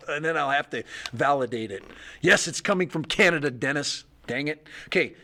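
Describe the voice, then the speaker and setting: A middle-aged man chats on a casual livestream, his voice sitting a little higher than most men's. He rambles, thinks aloud and chuckles as he goes. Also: a bit bright. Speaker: livestream host.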